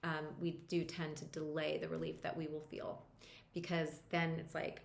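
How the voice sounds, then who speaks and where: A woman coach leading a guided tapping lesson, talking the listener through each step in a calm, reassuring way. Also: low-pitched, moderate pace, vocal fry. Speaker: EFT practitioner and coach. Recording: roomy echo.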